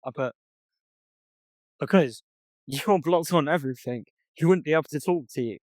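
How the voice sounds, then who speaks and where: Young man reading out texts, slightly high voice. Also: normal speed, darkish tone, no echo. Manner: storytelling, reading out text messages, swearing. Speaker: podcast co-host. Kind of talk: casual chat.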